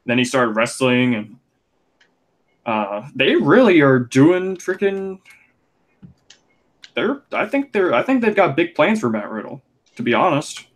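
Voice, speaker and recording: A man's voice: mid-range voice, unhurried, long pauses. Chatty young man riffing on wrestling. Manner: chatty, rambling, animated opinions with lots of fillers. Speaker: podcast co-host. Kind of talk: casual wrestling podcast chat.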